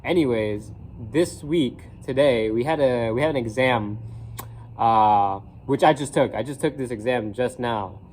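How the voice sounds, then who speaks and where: Joven rambling y malhablado contando una anécdota. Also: male voice. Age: young adult. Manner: rambling, heavy slang and swearing, many fillers; acts out classmates' voices with pitch jumps. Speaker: college student vlogger. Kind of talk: casual storytime vlog.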